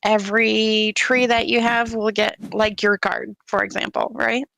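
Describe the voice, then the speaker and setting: A woman's voice: medium pitch, level tone, unhurried, gravelly, fairly bright tone, dry recording, poor audio. A woman from Canada, a fellow player chatting casually and patiently explaining rules, with light teasing. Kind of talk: casual chat during a board game.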